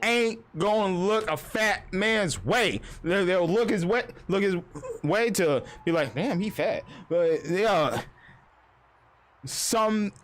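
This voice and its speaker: A man's voice: sits high, lively intonation, a bit bright. A young man streamer on a casual livestream, ranting bluntly with lots of swearing. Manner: profane, blunt, fast-talking.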